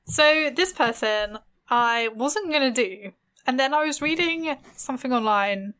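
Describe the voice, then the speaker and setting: A young woman co-hosting a casual podcast chat, talking quickly with lots of "like" fillers and asides. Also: high-pitched, lively intonation, fairly bright tone, clear, resonant tone. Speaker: podcast co-host.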